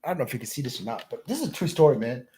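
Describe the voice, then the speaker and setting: Raspy husky man, lively swooping pitch, rambling profane livestream talk, keeps saying man. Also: racing. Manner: insists his stories are true. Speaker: livestream host. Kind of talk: rambling casual storytelling to viewers.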